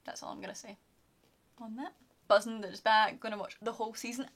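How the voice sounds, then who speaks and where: A woman's voice: on the high side, fairly even intonation, quick pace, fairly bright tone. A young Scottish woman chatting casually to camera as a vlogger, gushing about her favourites with lots of fillers. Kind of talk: casual chat.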